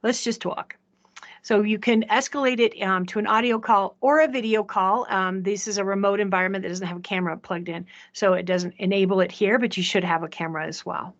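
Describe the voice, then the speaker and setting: A woman presenting a software demo in a chatty way, often checking in with the audience. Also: mid-range voice, steady tone, a little fast, hardly any pauses, highs cut off. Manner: chatty, asks "right?" often. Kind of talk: live software demo talk.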